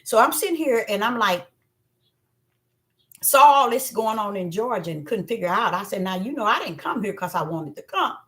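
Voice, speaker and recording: A woman delivers a lively sermon. Her voice is bright and sharp, and her pitch leaps wildly from low, hushed asides to high, loud exclamations. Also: moderate pace. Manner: animated, acts out voices, swings between low murmurs and loud cries. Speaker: self-styled prophetess. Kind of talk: preaching monologue.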